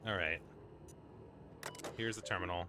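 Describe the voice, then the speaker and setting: Against some background noise, a man with a low voice streams a video game at a normal speed. His casual gameplay commentary rambles along, heavy on fillers and wry asides.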